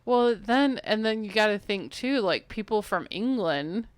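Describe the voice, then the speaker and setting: A woman's voice: mid-range voice, animated, unhurried, no room sound. A woman co-hosting a casual podcast, teasing and laughing easily. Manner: laughs often, playful teasing. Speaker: podcast co-host. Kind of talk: casual chat.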